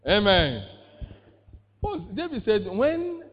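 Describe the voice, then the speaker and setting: A man's voice: on the high side, animated, unhurried, a little hiss or hum. A man, preaching a sermon in call-and-response style, repeating words and prompting the congregation with questions. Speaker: pastor. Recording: reverberant, muffled sound.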